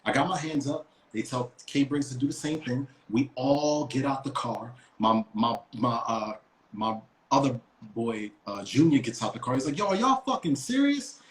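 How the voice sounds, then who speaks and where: A man's voice: medium pitch, fairly even intonation, moderate pace. Profane storytelling man in a roomy space. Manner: profane, emphatic, with many restarts. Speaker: podcast co-host. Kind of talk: casual storytelling. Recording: roomy echo.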